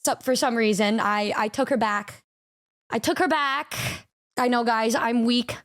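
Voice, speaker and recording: A young woman talking casually to her stream, with a high, bright voice. She chats in an animated way, swears freely, and slips into exaggerated voices to quote people. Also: a little slow. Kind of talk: casual stream reaction chat.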